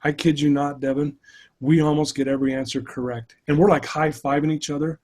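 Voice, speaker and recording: Middle-aged male guest, a touch high-pitched, chatty and animated as he tells his story. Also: fairly quick. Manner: animated, many "you know" fillers. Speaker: interview guest, life coach. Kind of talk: casual storytelling.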